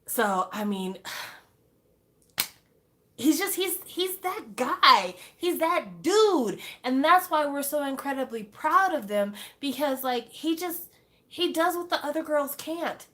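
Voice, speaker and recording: A young woman in a casual fan monologue, her voice sitting a little high. She talks in an animated, exclaiming way and keeps firing off rhetorical questions. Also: slow. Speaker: fan vlogger.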